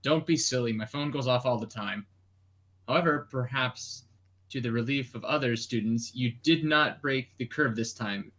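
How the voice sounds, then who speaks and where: A man reading the part of a calm male teacher in a casual comic reading, measured and reassuring. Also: medium pitch, lightly acted. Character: calm male teacher giving gentle advice.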